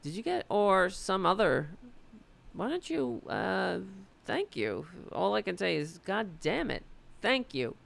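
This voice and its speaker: A woman from the United States hosting a political livestream, chatting loosely and swearing, her voice going hoarse. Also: mid-range voice, sing-song, slow pace. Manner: loose, profane, rambling. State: losing her voice. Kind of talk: casual livestream chat.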